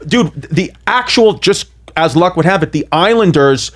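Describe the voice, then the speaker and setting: A man, telling a wild story on a podcast in an animated, profane way. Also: sits high, normal speed. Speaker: comedian guest.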